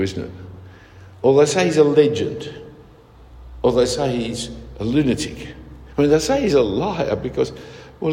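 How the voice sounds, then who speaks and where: A man's voice: fairly low pitch, a little mellow. A man preaching a sermon in a conversational way, often asking rhetorical tag questions. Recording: long hall reverb.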